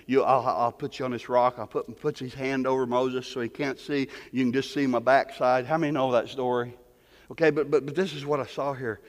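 A man preaching a sermon, impassioned, building to near-shouting peaks, with many repeated words. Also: medium pitch. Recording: long hall reverb.

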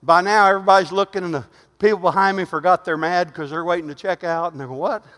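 A middle-aged man preaching in a church, his voice pitched high for a man. He shifts between hushed storytelling and loud, fervent calls. A long reverb from the hall trails every line. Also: fairly even intonation, fast. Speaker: pastor. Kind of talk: sermon.

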